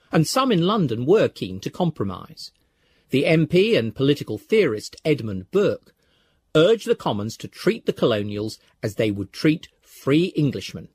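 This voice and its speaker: A man giving scripted documentary narration in a measured, storytelling way. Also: medium pitch, darkish tone, slightly rough, no echo.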